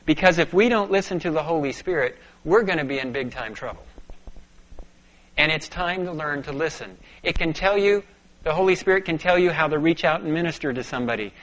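A male preacher telling a personal story in a sermon, dropping to a hush and rising to urgent bursts. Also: medium pitch. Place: church sanctuary. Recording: dull lo-fi sound.

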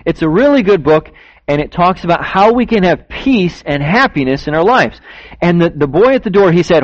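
A man's voice: high voice, expressive, moderate pace. A man telling a story to children during a church service, acting out the people in it and asking the kids questions. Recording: dull lo-fi recording.

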